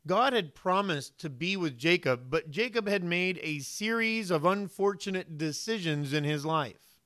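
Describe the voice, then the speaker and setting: Speaking at normal speed in a voice on the high side, a pastor gives a sermon. He tells stories with animation, performing the voices he quotes.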